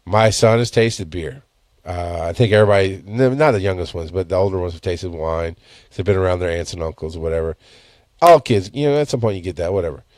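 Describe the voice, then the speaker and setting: A man's voice: low-pitched, fairly quick, darkish tone, no echo, clean studio sound. Blunt, profane man hosting a podcast. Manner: blunt and profane, rambling with self-corrections. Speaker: podcast host. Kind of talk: casual solo podcast monologue. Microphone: headphones and studio mic.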